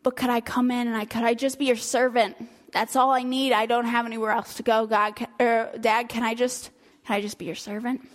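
A woman voicing a desperate young man who quietly and nervously pleads and frets. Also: on the high side, little pitch movement, a little fast, natural voice. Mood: pleading.

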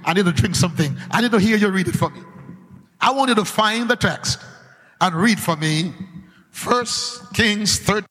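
A male preacher delivering a fervent sermon to a congregation, chanting and shouting at the peaks. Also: high voice, lively intonation, normal speed. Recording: hall reverb.

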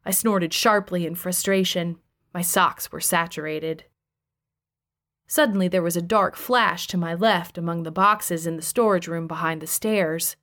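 A woman's voice: on the low side, steady tone, measured pace, a bit bright. A woman reading a first-person audiobook in a wry, conversational storytelling voice. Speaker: audiobook narrator.

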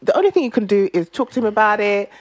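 A woman, co-hosting a podcast, telling a story in lively, animated casual chat. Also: medium pitch, fast. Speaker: podcast co-host.

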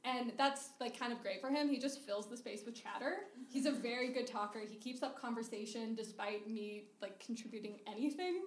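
Young woman storyteller on stage, kinda high voice, roomy echoey hall with noise behind. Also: brisk, hardly any pauses, far from the mic. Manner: chatty, says "like" a lot, laughs through the story. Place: live show venue.

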